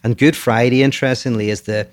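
A man's voice: medium pitch, steady tone, fast. A man with a Northern Irish accent, co-hosting a podcast and explaining ideas in casual, thoughtful talk, often restarting his sentences. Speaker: podcast co-host. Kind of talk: casual philosophical chat.

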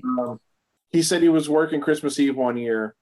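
A man's voice: on the high side, moderate pace, darkish tone. A man chatting casually on a podcast, joking and restarting his sentences. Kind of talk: casual chat.

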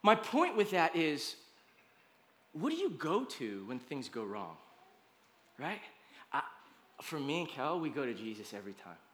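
A man's voice: fairly high pitch, sing-song, measured pace, long pauses, fairly bright tone. A male pastor preaching a conversational sermon, often checking in with his listeners and hammering points with repeated lists. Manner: emphatic, repetitive lists.

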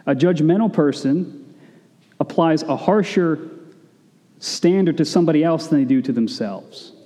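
A man preaches in a relaxed, conversational style, tossing in casual asides as he explains his point. His voice sits a little high for a man yet sounds warm and mellow. A long reverb trails each phrase, as in a large hall. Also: unhurried. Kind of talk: sermon.

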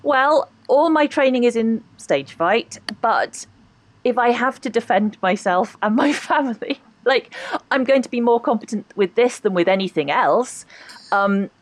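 A woman's voice: on the high side, expressive, a little slow. A woman with a posh voice, a guest on a podcast, chatting animatedly, laughing often and hedging her points. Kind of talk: casual interview chat.

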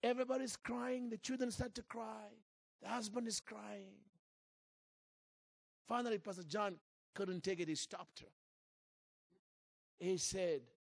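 A man preaching a sermon into a microphone in church, telling a story in a lively, acted-out way. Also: sits high, unhurried, vocal fry, pauses often, no room sound, studio quality. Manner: animated, acts out scenes and jokes with the crowd. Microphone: handheld or stand mic.

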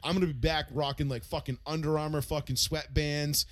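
A man in his thirties from the United States, riffing loosely on a podcast with plenty of swearing and fillers. His voice sits a little high for a man, and the sound is close and dry. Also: steady tone, a little fast, a bit bright, dry recording. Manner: loose, profane, rambling with many fillers. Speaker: podcast co-host. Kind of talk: casual chat.

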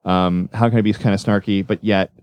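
A male magician talking casually in an interview, rambling and correcting himself as he tells animated stories. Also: on the low side, a little fast, no room sound. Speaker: magician guest.

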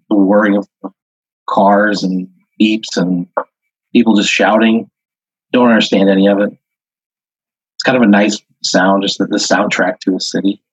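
A man improvising a comic tabletop story as game master, halting and rambling as he narrates. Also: on the low side, husky, no room sound. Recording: dull, dry lo-fi audio.

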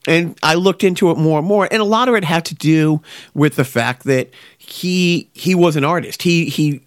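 A man's voice: a little high, moderate pace, no echo, studio quality. A man co-hosting a podcast, chatting casually and rambling with lots of restarts and fillers. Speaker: podcast co-host. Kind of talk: casual chat.

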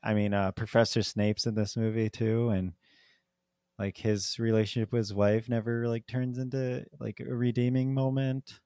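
A man's mid-range, darkish, clean voice shows little pitch movement as he speaks at a moderate pace. As a podcast co-host, he rambles through a casual movie review with lots of "like" and laughter, recorded in an echo-free studio.

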